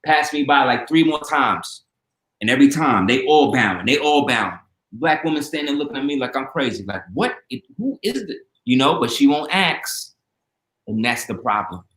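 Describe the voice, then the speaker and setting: A man with a mid-range voice, speaking at a moderate pace, is a guest telling stories casually. He's an animated storyteller who acts out the voices of the people he quotes. The recording has a roomy echo.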